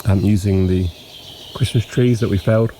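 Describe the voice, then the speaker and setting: A man with hay fever, sniffling and clearing his throat, casually narrating a walking tour outdoors at dawn. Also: lowish voice. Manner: relaxed, unhurried, frequent ums and pauses. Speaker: homestead vlogger. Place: outdoors in a countryside yard at dawn. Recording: faint outdoor noise with birds. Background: birdsong and insects.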